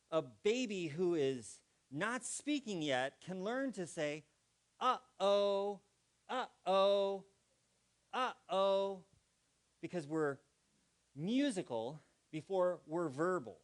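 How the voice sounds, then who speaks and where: A man giving a playful, interactive talk to a live congregation, acting out vocal inflections and quizzing the audience. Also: high-pitched. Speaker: guest speaker at a spiritual community gathering.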